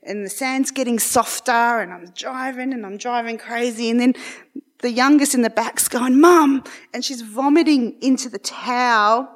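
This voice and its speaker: A middle-aged woman with a slightly high voice spins a rambling family yarn. She talks in bursts of run-on clauses, stopping now and then to act out her husband and kids. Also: moderate pace. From Australia. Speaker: storyteller. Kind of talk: live personal storytelling.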